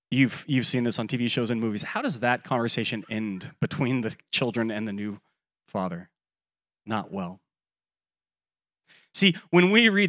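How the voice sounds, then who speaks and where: A man in his thirties preaching a sermon as pastor, telling stories and acting out quoted voices, swinging between loud and quiet. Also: medium pitch.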